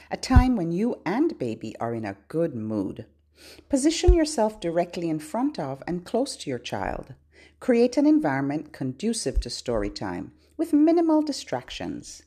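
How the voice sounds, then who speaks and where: A middle-aged woman, a children's librarian, hosting a podcast for babies with slow, gentle talk and sing-song children's songs. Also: low-pitched. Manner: gentle, slow and sing-songy, switching between spoken tips and children's songs.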